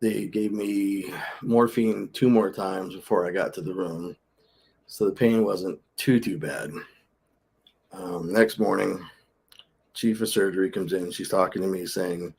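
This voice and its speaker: A middle-aged man with a low, gravelly voice and a husky edge. He tells his story casually and bluntly to camera, often slipping into quoted dialogue, with a swear word here and there. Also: steady tone, measured pace, a little mellow. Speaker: vlogger.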